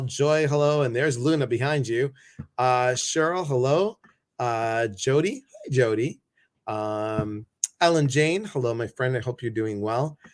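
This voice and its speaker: A man hosting a live stream in a casual chat, reading out his viewers' names one after another. His pitch swings widely from word to word, and his delivery is animated. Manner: animated, greets viewers by name.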